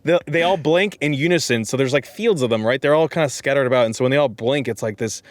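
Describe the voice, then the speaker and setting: A man hosting a podcast, telling travel stories in a relaxed, chuckling, casual way. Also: medium pitch, fast talker, no room sound. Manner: laid-back, chuckling storyteller. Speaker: podcast host. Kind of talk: casual chat. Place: hotel room on the road.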